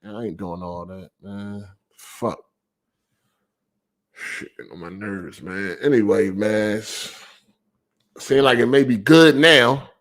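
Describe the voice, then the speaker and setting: A man's voice: fairly low pitch, takes it slowly, long pauses. A man hosting a livestreamed gaming podcast, ranting with heavy profanity and reading viewer super chats aloud. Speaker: podcast host.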